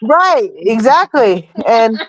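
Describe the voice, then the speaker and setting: A woman's voice: fairly high pitch, sing-song, slow, dry recording. A woman hosting a casual chat, telling a long rambling story and swearing freely. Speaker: host.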